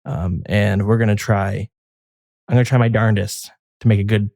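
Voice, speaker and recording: At a moderate pace and in a level tone, a man with a low-leaning, darkish voice co-hosts a laid-back podcast. His storytelling rambles, with lots of fillers and restarted sentences, and the studio recording is clean and echo-free.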